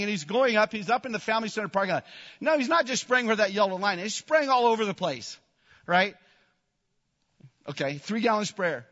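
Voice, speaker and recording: Male pastor preaching a sermon, high and bright-toned, animated storyteller, dull hall sound. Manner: animated storytelling preacher, rising to excited shouts.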